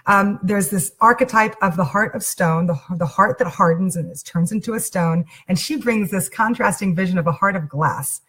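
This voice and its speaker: A woman teaches in an earnest, intimate tone, her voice slightly husky and breathy at a middling pitch. She tells a personal story as part of the teaching and keeps circling back to rephrase her points. She is close to the mic on a clean recording. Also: moderate pace, hardly any pauses, fairly bright tone. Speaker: spiritual teacher.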